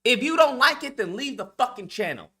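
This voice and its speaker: A man in full rant mode, swearing freely and jabbing at his critics. His voice is bright and cutting, and his pitch swings widely as he presses each point. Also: big pitch swings, a little fast, breathy edge. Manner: profane, confrontational, heated. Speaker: YouTube commentator. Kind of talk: ranting vlog monologue.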